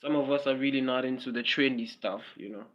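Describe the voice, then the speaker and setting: A man's voice: medium pitch, fast, lo-fi sound. A man with a South African accent rambling casually on a livestream, with repetitive fillers and mocking asides.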